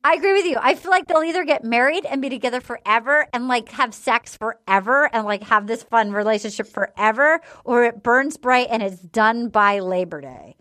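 A woman with a high voice hosts a casual podcast chat and recaps with animation. She sounds close and dry on the mic. She acts out what people said as she tells the story. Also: moderate pace, few pauses, no room sound. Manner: animated recapping with acted quotes. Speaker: podcast host.

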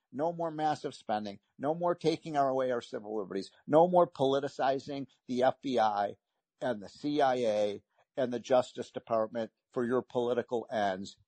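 A man's voice: medium pitch, a little mellow, no echo. Frustrated male talk radio host. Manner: emphatic, frustrated, hesitant restarts. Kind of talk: political opening monologue.

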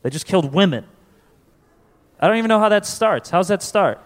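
A man's voice: high-pitched, lively intonation, a little fast. A man from Connecticut doing a loose, self-mocking stand-up comedy set, slipping into voices. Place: comedy club stage. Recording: live in a reverberant club.

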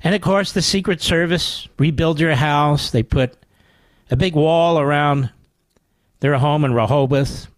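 A man's voice: a little high, unhurried, no room sound. A man hosting a radio talk show, delivering a sarcastic, mocking monologue full of rhetorical asides into a studio microphone.

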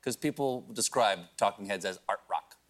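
A man's voice: on the low side, normal speed. A man hosting a late-night talk show, asking questions in a joking way.

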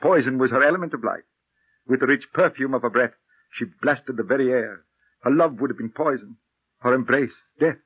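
A man's voice: medium pitch, a little fast, slightly rough, close to an everyday voice. An actor playing an earnest elder professor who urgently warns and pleads with a young man, in 1940s radio acting style. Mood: grave storytelling. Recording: muffled old radio broadcast.

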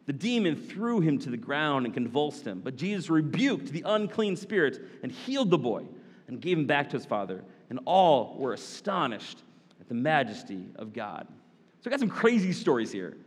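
A man preaching a sermon as a pastor, animated, with casual asides to the congregation. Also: a little high, big-room sound.

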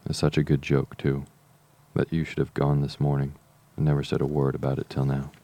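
A fretful, excitable middle-aged mother who complains about everything, as read by a man. The voice stays extremely deep and gravelly with a flat line, and she is barely acted apart from the narration. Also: a little fast. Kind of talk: audiobook reading.

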